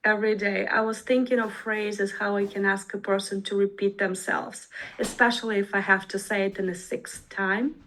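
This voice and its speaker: A woman teaching an online conversation class, talking in an animated and emphatic way and often restarting words mid-phrase. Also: medium pitch, normal speed, hardly any pauses, slight background noise, rough recording. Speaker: English conversation club teacher. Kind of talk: online group class on a video call.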